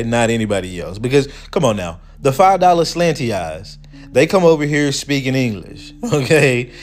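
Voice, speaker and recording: A man with a slightly high voice reads passages aloud slowly, then breaks off to riff on them in easygoing talk. Soft music plays behind him. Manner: conversational, reads quotes slowly then riffs. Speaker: host. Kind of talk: casual commentary reading from a text.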